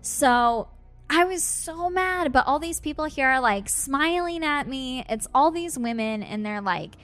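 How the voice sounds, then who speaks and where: A young woman, a podcast host and medium, telling a story in casual chat, animated and swearing freely as she acts out what people said. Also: high voice, a little slow, soft background music.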